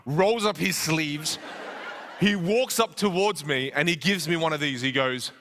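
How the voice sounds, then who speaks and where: Male keynote speaker, thirties, comic storyteller, bright forceful voice, a bit high for a man. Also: slight background noise. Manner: animated, self-mocking, with quick restarts. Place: conference stage.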